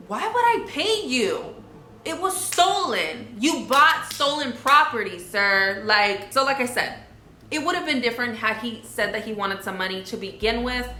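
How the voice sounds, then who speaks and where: A woman's voice: fairly high pitch, pushed and bright, echoey room, slight background noise. Indignant young woman telling a story. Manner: indignant, conversational, many fillers. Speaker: vlogger. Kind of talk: storytime vlog.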